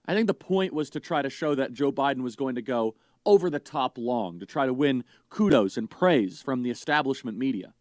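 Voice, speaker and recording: A man's voice: medium pitch, animated, fairly quick, hardly any pauses, no room sound. A man giving opinionated political commentary in a scornful, mocking way.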